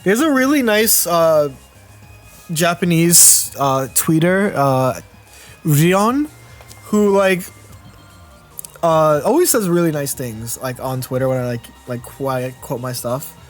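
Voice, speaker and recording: A man's voice: on the high side, animated, takes it slowly, faint music behind. Chatty young man streaming a card game. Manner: rambling, self-interrupting, chatty with viewers. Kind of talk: casual live-stream commentary.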